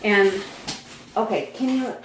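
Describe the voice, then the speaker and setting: A woman's voice: medium pitch, takes it slowly, echoey room, background noise. A woman in her forties on a farm, chatting in a rambling, casual way with frequent fillers. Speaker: vlog host. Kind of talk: casual chat. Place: home on a farm.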